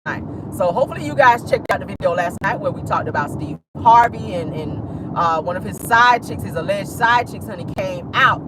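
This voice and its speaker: A woman talks celebrity gossip from the driver's seat in a sassy, drawling way, sprinkling 'honey' and 'baby' everywhere. Her pitch leaps and dips all through her talk. A steady car hum sits clearly under her voice. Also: normal speed. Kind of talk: casual gossip commentary. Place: inside a car.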